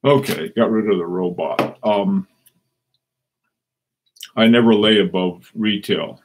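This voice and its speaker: A man hosting a casual live stream, chatting and reading out viewer comments in a rambling, halting way with many restarts. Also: lowish voice, slight background noise. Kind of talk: casual live-stream chat about watches.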